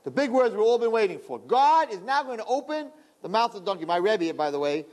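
A man teaching a lively Torah lesson, animated and joking, asking rhetorical questions. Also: high-pitched, brisk.

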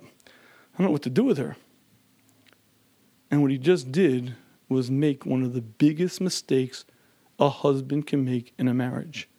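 A man lecturing on marriage who often clears his throat and acts out the people in his stories. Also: fairly high pitch, warm tone. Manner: frequent throat-clearing, acts out quoted voices. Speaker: marriage teacher.

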